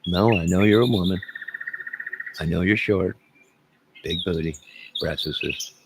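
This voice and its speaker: A man's voice: low voice, unhurried, noisy background. A middle-aged man hosting a live stream, rambling and joking as he answers his chat. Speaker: livestream host. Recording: loud birdsong behind voice. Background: loud birds chirping.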